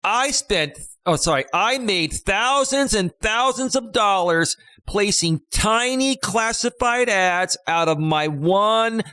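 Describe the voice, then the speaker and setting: A man's voice: high-pitched, expressive, pushed and bright, clean tone, voice pushed up, exaggerated voice. A man doing an emphatic infomercial salesman. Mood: enthusiastic. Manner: emphatic, slow, enthusiastic. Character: upbeat male infomercial pitchman who stresses his words.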